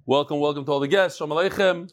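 Energetic man greeting a live class. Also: on the high side, very fast. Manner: energetic, chatty, calls out to guests in the room; reads emails aloud in a playful tone. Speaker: Talmud teacher. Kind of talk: lively greetings before a daily Talmud class.

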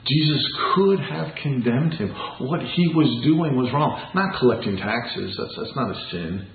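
A man's voice: medium pitch, animated, unhurried, slight background noise. A man preaching a sermon as pastor, earnest and conversational, asking the congregation rhetorical questions. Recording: echoey room, tinny phone-like sound.

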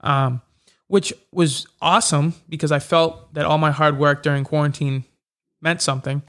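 Chatty man with a slightly high voice. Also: steady tone, fairly bright tone. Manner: chatty, quick storytelling with many fillers. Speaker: MMA fighter. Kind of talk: casual interview talk.

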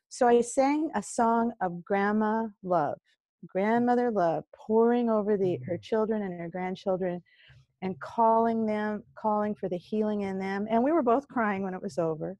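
A woman's voice: medium pitch, normal speed, dry recording. An older woman, a singer-songwriter and courage coach, telling stories in a casual interview and acting out the voices she quotes. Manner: animated storyteller who acts out quoted voices.

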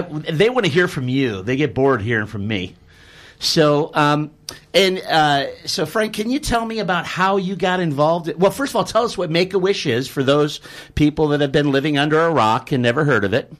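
A male radio host with a somewhat raised pitch interviews his guests in a loose, rambling way. He stumbles and restarts often, filling gaps with casual asides. He is from Chicago. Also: fairly bright tone. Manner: rambling, self-correcting, chatty.

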